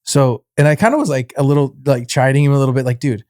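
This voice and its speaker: Animated middle-aged man telling a story. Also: medium pitch, quick pace, no room sound, studio quality. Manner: animated storyteller, acts out dialogue, laughs often. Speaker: podcast co-host. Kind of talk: casual faith podcast storytelling.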